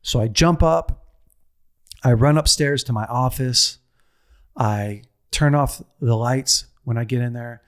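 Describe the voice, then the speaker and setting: A middle-aged man giving a heartfelt teaching talk, telling a personal story with repetition, restarts and a pace that swings from slow to rushed. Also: mid-range voice. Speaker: speaker on a men's ministry show.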